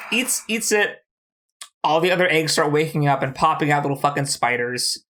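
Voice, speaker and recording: Here a podcast co-host chats loosely while speeding through a TV episode recap. Profane and lively, he drops into quick impressions of the characters, his pitch middling.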